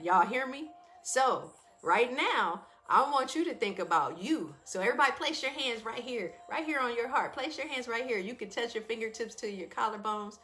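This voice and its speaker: A woman's voice: on the high side, lively intonation, brisk, fairly bright tone. A woman hosting a live wellness talk who speaks familiarly to her listeners and often laughs.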